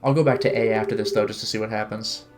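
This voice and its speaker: A man's voice: fairly low pitch, steady tone, fast talker, faint music behind. A man playing a visual novel on stream, chatting casually and reading its narration and dialogue aloud with light character voices. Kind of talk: casual game commentary with read-aloud narration.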